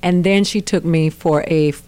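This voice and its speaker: A woman's voice: low voice, fairly even intonation, a little mellow. Playful woman talk show host. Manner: playful, laughing, quick to tease. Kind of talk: casual chat.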